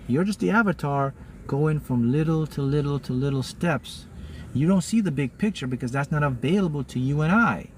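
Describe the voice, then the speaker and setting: A man teaching manifesting to a live audience in an emphatic, repetitive style, often jumping into loud, high-pitched bursts. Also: a little hiss or hum. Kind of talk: motivational talk to a live audience.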